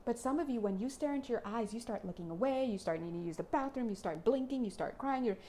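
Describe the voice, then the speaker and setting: Excitable chatty woman reading cards. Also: a little high, fast, slight background noise. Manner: excitable, chatty, breaks into playful put-on voices. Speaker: spiritual card reader. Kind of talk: casual card reading to viewers.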